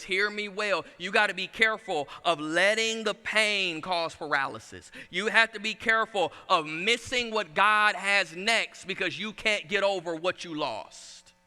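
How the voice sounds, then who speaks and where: A man preaching with animated, conversational flair, swinging between folksy stories and scripture. His voice is bright, crisp and resonant, sitting a little high. The church sanctuary adds a long echo behind him. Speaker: pastor. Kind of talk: sermon.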